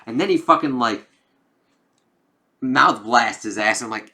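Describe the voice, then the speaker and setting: Dude rambling through a comic review, lots of cussing and "like", kinda sharp bright tone. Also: male voice, mid-range voice, lively intonation, unhurried, pauses often. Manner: profane, rambling retelling full of fillers. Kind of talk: casual spoken review.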